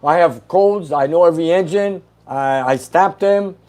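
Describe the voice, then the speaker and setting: A man hosts a casual livestream, working through viewer comments one by one. His voice sits a little high, and he answers each question briefly and with an easy laugh. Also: normal speed, a little mellow. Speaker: host reading live chat questions.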